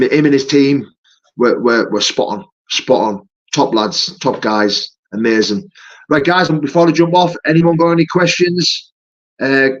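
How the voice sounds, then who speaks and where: Matey fighter on a live stream. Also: male voice, mid-range voice, dull audio. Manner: matey, peppers talk with "mate" and "you know". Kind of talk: casual live-stream chat, answering viewer comments.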